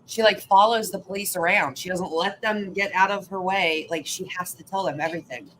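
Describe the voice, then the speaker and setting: A woman's voice: fairly low pitch, brisk, a bit bright, a little hiss or hum, rough recording. A woman hosting a casual trial-commentary stream, chatty and sarcastic as she talks back at the courtroom video.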